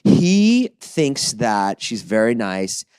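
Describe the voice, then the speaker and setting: A man's voice: fairly low pitch, slow pace, smooth, dry recording, studio quality. A man in his forties co-hosting a podcast, telling self-deprecating stories in a casual chat. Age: 40s. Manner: animated, self-deprecating storyteller. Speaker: podcast co-host.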